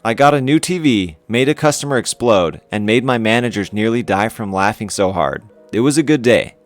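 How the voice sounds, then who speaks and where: Low-voiced man reading online stories. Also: animated, brisk, faint music behind. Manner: casual, wry commentary. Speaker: story channel host.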